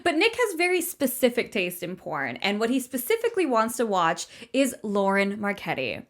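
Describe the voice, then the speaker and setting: A woman's voice: a little high, wildly swooping pitch, normal speed. A woman co-hosting a podcast who chimes in with agreement and jokes and often laughs along. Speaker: podcast co-host. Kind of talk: casual book-recap chat.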